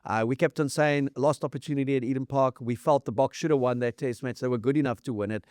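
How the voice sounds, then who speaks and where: A man's voice: medium pitch, fast, a little mellow, no echo, clean studio sound. A South African man co-hosting a rugby podcast, talking casually and enthusiastically, piling up match stats with frequent restarts. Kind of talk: casual sports chat.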